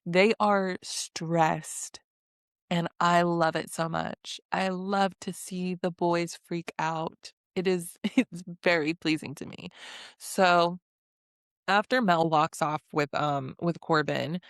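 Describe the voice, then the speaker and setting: A woman's voice: fairly low pitch, unhurried, fairly bright tone, no room sound, clean studio sound. A woman giving a chatty, sassy recap of a reality show, laughing often and acting out what people said. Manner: sassy commentary. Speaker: recap host.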